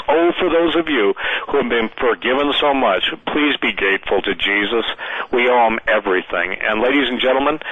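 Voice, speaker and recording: A man on a radio call-in, his voice tinny and narrow as if through a phone line, dry with no room sound at all. He prays and preaches in a fervent, emotional way, with a middle-pitched voice. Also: no room sound. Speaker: radio guest. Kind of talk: radio call-in talk and prayer.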